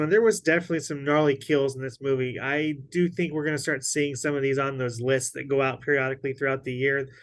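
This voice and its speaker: Upbeat interview host. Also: male voice, medium pitch, fairly bright tone. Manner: friendly, affirming interviewer with short backchannels. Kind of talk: casual interview.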